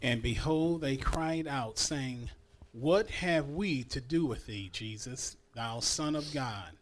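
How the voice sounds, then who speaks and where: Man reading scripture slowly. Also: medium pitch. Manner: slow, careful reading. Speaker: bible study participant reading scripture.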